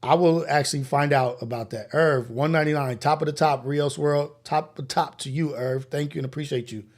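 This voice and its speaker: A man's voice: a little high, steady tone, a little fast. A man hosting a morning livestream, reading out super chats and thanking viewers by name with blessings. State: slightly out of breath. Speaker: livestream host. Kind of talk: live show chat reading.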